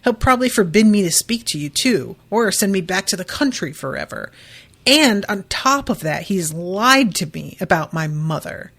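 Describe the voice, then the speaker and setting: A woman's voice: medium pitch, big pitch swings, normal speed, fairly bright tone. A woman reading aloud as a young woman upset about her parentage, in a plain read-aloud voice.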